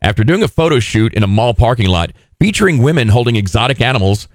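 A man's voice: medium pitch, big pitch swings, fast talker, no echo, studio quality. A man hosting a talk show, running through odd news stories with wry, joking chat. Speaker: radio show host.

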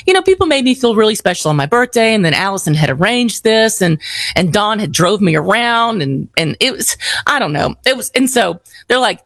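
A chatty woman with a drawl spins a story, her pitch rising and falling in wide swings as she acts out each voice. She is recorded close and dry, with no room sound at all. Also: fairly quick, no room sound. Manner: animated, chatty storyteller acting out quotes. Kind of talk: casual storytelling chat.

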